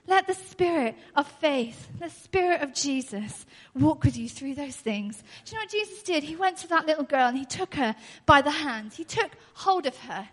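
A woman's voice: sits high, expressive, normal speed, few pauses. A woman preaching a sermon in an earnest way, repeating her key phrases and laughing often. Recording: long hall reverb.

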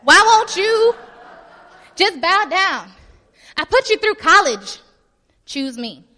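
A woman's voice: a little high, moderate pace, long reverb tail, lightly acted. A woman preacher voicing a boastful, demanding ancient king who talks in swaggering slang. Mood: coaxing.

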